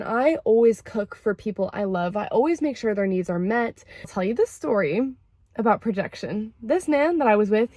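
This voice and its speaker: A young woman chatting casually to camera about therapy, lively and expressive, acting out quoted lines with big jumps in pitch. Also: no echo. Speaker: vlogger sharing therapy insights.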